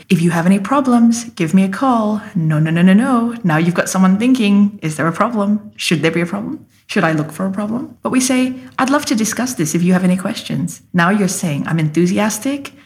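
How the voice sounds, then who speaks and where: A woman leadership coach speaking as an interview guest, explaining emphatically and acting out example phrases. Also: on the low side.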